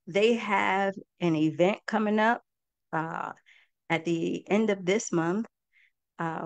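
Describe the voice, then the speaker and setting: A woman's voice: fairly low pitch, no echo. A woman hosting a group talk for an online audience, speaking in a heartfelt, folksy way and often calling her listeners "y'all". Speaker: host and project founder.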